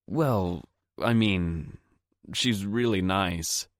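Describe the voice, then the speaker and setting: A man's voice: low voice, no echo, clean studio sound. A male audiobook narrator voicing a shy, awkward teenage boy who talks hesitantly. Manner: hesitant, slow, drawling. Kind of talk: audiobook character voice.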